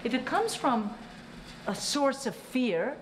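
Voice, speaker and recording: A woman film director, animated and coaching, explaining her vision to actors and narrating. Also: sits high, slow, slight background noise.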